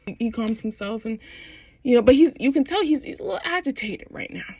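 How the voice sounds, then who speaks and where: A woman's voice: on the high side, lively intonation, a little fast, dark tone, husky, no room sound. A young adult woman in casual chat, recapping a TV show with slangy phrasing and frequent laughs. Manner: chatty, slangy, laughs often while recapping. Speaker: vlogger.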